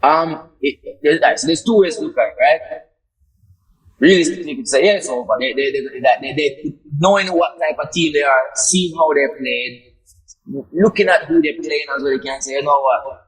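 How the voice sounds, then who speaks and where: A man joining a football chat show by video call, speaking in a measured, halting way and repeating words as he thinks. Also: on the high side, husky, distant mic, poor audio. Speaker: remote co-host.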